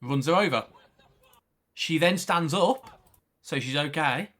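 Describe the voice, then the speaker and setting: A man commenting on clips during a livestream, ranting in an animated, profane way with lots of rhetorical questions. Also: on the high side, slow pace.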